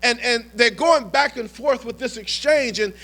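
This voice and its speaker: A man preaching a sermon as pastor, telling a story and building to impassioned shouts. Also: extremely high pitch, moderate pace.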